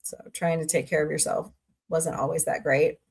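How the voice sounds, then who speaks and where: A woman's voice: low voice, steady tone, moderate pace, gravelly, breathy edge. Middle-aged woman streamer, loose and talkative, chats back to her viewers. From Southwest Missouri, USA. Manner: chatty, rambling, answering chat messages. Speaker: livestream host. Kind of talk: casual livestream chat.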